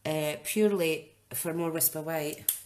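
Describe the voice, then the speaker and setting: A woman's voice: deep voice, steady tone, a little slow, a little mellow. A woman chatting casually and thinking aloud while demonstrating a card-making project. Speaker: craft demonstrator. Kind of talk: casual live-streamed craft demo.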